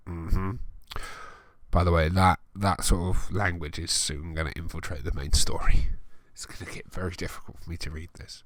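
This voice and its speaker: A man's voice: sits low, flat delivery, moderate pace, a bit bright, dry recording. A man reading a fan story aloud for an online video, breaking off for sarcastic, swearing asides. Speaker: YouTube reader. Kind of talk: comedic dramatic reading with commentary.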